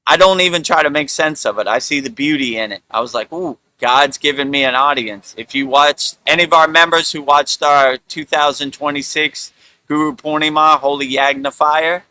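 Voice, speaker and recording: A middle-aged man hosting a spiritual talk, speaking in a relaxed, rambling way with lots of "you know". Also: a little high, moderate pace, dry recording, rough recording. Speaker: spiritual teacher and show host.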